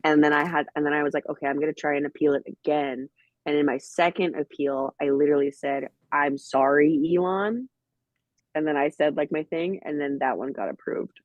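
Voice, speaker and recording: Animated, outspoken co-host in casual chat; mid pitch, dry, muffled lo-fi sound. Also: dry recording. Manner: animated, blunt, rapid storytelling with quoted asides. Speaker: podcast co-host.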